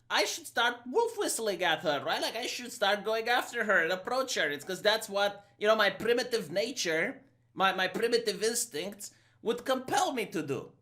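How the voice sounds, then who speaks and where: Sarcastic Romanian-accented man, lively voice. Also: sits high. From Eastern Europe. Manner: sarcastic, argumentative, quick mock impressions. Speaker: streamer. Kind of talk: opinion vlog monologue.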